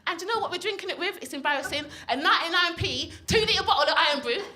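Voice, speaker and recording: A woman with a London accent doing a stand-up comedy set. She is playful and chatty, keeps checking in with the crowd, and has a slightly husky voice. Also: very high-pitched, lively intonation, quick pace, background noise. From North West London. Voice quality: husky from smoking.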